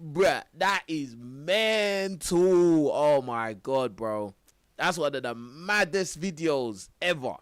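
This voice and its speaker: High, lively young streamer. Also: male voice, slow pace, clean tone, no echo, clean studio sound. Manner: laughing, exclamatory, heavy slang. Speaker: live streamer reacting to clips. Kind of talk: excited reaction commentary.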